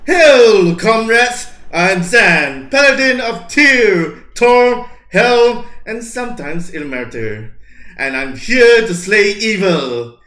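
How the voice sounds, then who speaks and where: A man voicing a boastful paladin who makes slow, grand proclamations about slaying evil, in a roomy echo. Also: sits high, lively intonation, a bit bright, heavily acted. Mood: grandiose.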